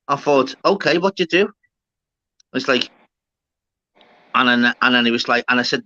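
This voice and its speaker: A man's voice: medium pitch, lively intonation, moderate pace, long pauses, bright, forceful tone, no room sound. A man hosting a live stream, bantering casually, swearing and laughing as he retells what he said. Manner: swearing, laughing, retelling his own lines. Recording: dull, dry lo-fi stream audio.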